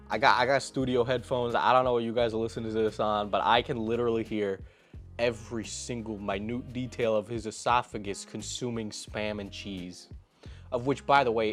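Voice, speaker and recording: A man's voice: on the low side, a bit bright. A young man giving comedic reaction commentary in an exasperated, sarcastic, ranting manner. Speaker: YouTube commentator.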